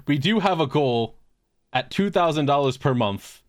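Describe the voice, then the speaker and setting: Animated podcast storyteller man, dry mic. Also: on the high side, moderate pace, dry recording. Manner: animated storyteller, swears, laughs often. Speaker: podcast co-host. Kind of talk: casual storytelling chat.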